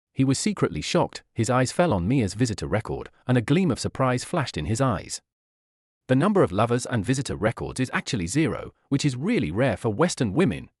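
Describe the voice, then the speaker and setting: A man reading a web novel aloud as a narrator, at an even, steady pace with little change between characters. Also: medium pitch, a little fast, breathy edge, dry recording, studio quality.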